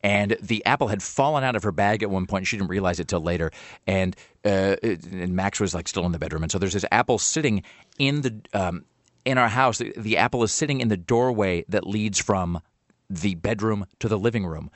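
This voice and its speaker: A man's voice: on the low side, a little fast, dry recording. A man hosting a radio show, telling rambling pet stories in casual chat, with lots of uh and like.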